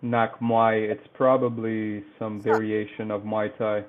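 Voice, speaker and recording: A man's voice: on the low side, completely flat delivery, measured pace. A man joining a casual boxing chat as a guest, talking loosely and joking. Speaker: guest on call. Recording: tinny call audio.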